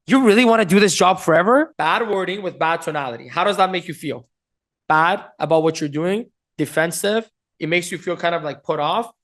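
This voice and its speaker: A man's voice: high voice, a bit bright. A man teaching sales communication, directly addressing viewers and acting out example questions to show tone. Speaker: sales trainer. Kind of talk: teaching to camera.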